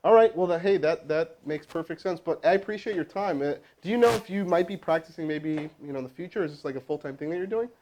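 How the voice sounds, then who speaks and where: High-pitched, filler-heavy salesman. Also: fast talker, few pauses, a little hiss or hum. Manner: energetic, rambling, full of fillers. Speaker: host making live sales cold calls. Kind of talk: casual phone sales talk and coaching.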